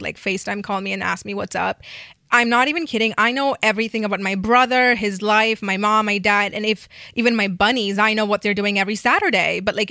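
A woman's voice: medium pitch, pushed and bright, no echo, studio quality. A tired young woman hosting her own podcast from her bed, rambling casually with lots of swearing and fillers. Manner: rambling, profane, full of "like". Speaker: podcast host. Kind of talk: casual chat.

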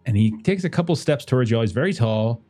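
A man narrating scenes as game master of a tabletop game in a relaxed, descriptive way. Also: mid-range voice, fast, soft background music.

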